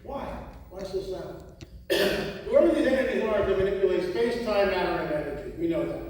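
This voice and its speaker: A man giving a talk to a live audience, animated and full of rhetorical questions. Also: high-pitched, fairly quick, slight background noise. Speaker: conference speaker. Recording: echoey hall recording from far off.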